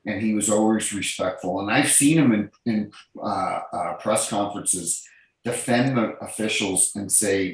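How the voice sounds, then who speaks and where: Brief: middle-aged guest, deep voice, earnest anecdotes, heavy room echo. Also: male voice, steady tone, normal speed. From New Brunswick, Canada. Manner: earnest, repeats and restarts phrases, tells anecdotes. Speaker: guest, former hockey referee. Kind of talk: casual interview talk. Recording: very echoey room.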